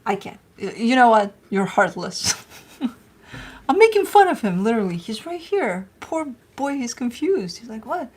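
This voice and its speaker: A woman chatting casually on a live stream, playful and talkative, with a husky voice. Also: a little high, sing-song, measured pace. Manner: chatty, playful, talks to her dog in baby talk. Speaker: tarot reader.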